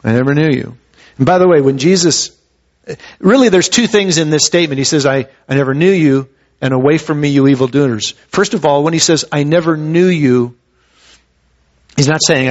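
A male pastor with a fairly high voice delivers a sermon and explains scripture as if talking it through. He often stumbles and restarts his phrases. The recording sounds dull and lo-fi. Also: moderate pace. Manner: conversational expository preaching with hesitant restarts.

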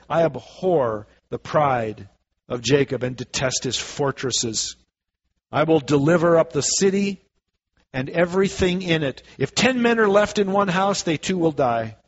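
Pastor with a higher voice, lo-fi sound. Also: male voice. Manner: reads scripture then explains it in plain casual words, acting out voices. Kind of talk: sermon with scripture reading.

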